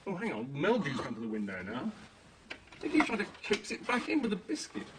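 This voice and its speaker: Fussy neighbour, theatrical, very swooping pitch, heavy noise. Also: male voice, wildly swooping pitch, fairly quick. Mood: dramatic. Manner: dramatic, then mumbling and evasive. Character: fussy, sheepish neighbour, middle-aged man. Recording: sitcom recording, heavy background noise.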